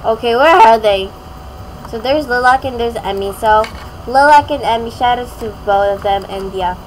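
A woman's voice: on the high side, normal speed, slight background noise, low-quality recording. A young woman giving casual gameplay commentary as a gaming YouTuber, rambling and giggly with many fillers.

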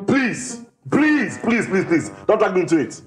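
Brief: a man as tired, exasperated Nigerian husband, high lively voice, echoey room, music behind. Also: a little slow. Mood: annoyed. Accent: Nigerian English. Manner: exasperated, repetitive, sermonizing. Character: irritable husband Boma, tired after work. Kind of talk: Nollywood film acting.

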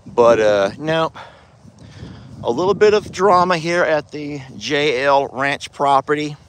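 A man's voice: on the high side, slow pace, slight background noise. Chatty man on his ranch. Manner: chatty, affectionate, talks sweetly to his cows. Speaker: ranch owner and vlogger. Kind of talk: casual vlog walking among cattle. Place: outdoors on a cattle ranch.

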